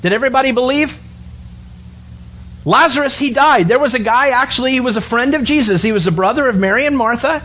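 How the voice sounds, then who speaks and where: A man preaching a sermon, animated and storytelling, acting out the characters' words as he goes. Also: extremely high pitch, fast, breathy edge. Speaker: pastor. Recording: dull lo-fi sound with faint ambience.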